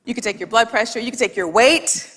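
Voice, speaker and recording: A woman giving a talk, telling a humorous story with quoted dialogue in a lively way. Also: on the high side, fast talker. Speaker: speaker. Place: large hall with audience. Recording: long hall reverb.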